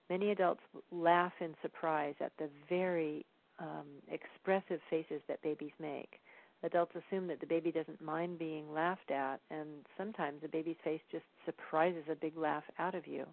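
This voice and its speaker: A woman with a low, gravelly voice explains parenting in a calm, teaching manner, often pausing on "um". Her voice comes through thin and tinny, like a phone line. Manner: calm, explanatory, frequent "um" fillers. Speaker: parenting educator. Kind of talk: instructional talk.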